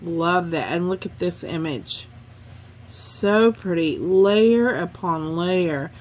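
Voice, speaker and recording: A woman's voice: lowish voice, lively intonation, slow. Gushing woman craft vlogger. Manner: gushing, effusive. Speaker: craft channel host. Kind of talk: casual unboxing chat.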